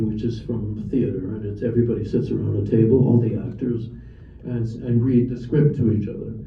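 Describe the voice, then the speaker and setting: An older film director with a Toronto accent, giving measured, wry interview answers with frequent restarts. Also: male voice, medium pitch, creaky, echoey room, recorded from a distance, lo-fi sound, a little hiss or hum.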